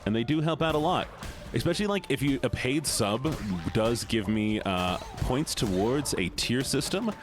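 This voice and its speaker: A man's voice: mid-range voice, lively intonation, normal speed, over music. A man streaming a video game, chatting playfully with his viewers in casual commentary. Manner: playful, banters with chat, drops into silly voices.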